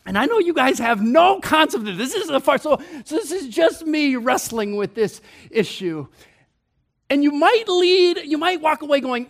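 Animated, high-voiced preacher. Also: male voice, moderate pace. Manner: animated, playful, mimics himself and others, drops to a hushed tone on scripture. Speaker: pastor. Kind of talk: sermon.

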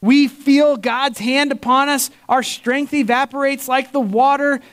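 A man preaching a sermon as pastor, telling stories with lively emphasis, repeating words and restarting phrases as he goes. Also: unhurried. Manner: animated storytelling, voice jumps high for emphasis.

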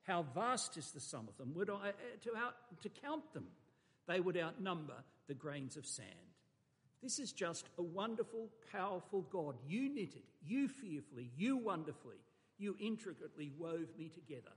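High-voiced man preaching in a hall. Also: sing-song, normal speed. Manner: emphatic, varies volume for effect, occasional stumbles. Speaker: pastor. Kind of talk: sermon. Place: church. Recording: long reverb of a church hall.

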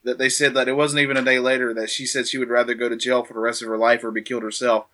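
A man's voice: medium pitch, little pitch movement, rapid-fire, pushed and bright. A man co-hosting a casual history podcast, explaining events in an earnest way.

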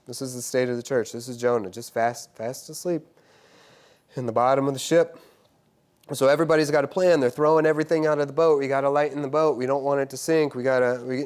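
A man preaching a sermon, swinging between loud exclamations and hushed, quiet stretches, often repeating himself as he builds a point. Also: medium pitch. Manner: repeats words and restarts phrases. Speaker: university teacher.

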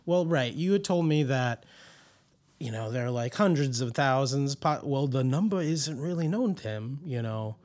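A man hosting a casual comedic podcast, talking in a hesitant, wry way with many pauses and restarts. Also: medium pitch, lively intonation, a little mellow. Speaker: podcast host.

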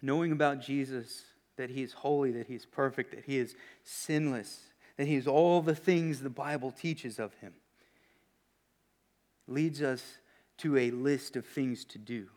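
A man preaching a sermon in an earnest, questioning way, often dropping to hushed emphasis. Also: mid-range voice, a little slow.

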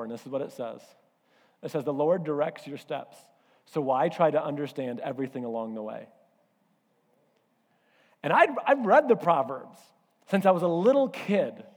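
A male pastor preaching a sermon, telling a personal story in an animated way and acting out voices and asides. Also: a little high. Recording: hall reverb.

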